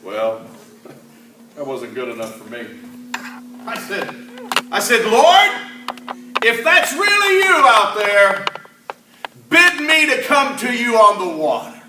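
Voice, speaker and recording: A man playing the apostle Peter, an impulsive fisherman, in a dramatic first-person church monologue. He swings between loud cries and hushed asides. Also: sits high, huge pitch swings, slow, long pauses, noisy background, full character voice. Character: the apostle Peter, a rough, impulsive fisherman telling his story. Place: church sanctuary. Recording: echoey church hall, mic at a distance.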